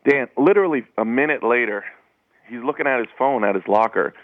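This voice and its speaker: A man's voice: medium pitch, a little fast. Man telling a story down a dull line. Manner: casual, anecdotal, animated retelling. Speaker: sports writer, interview guest. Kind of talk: phone-in radio interview, storytelling.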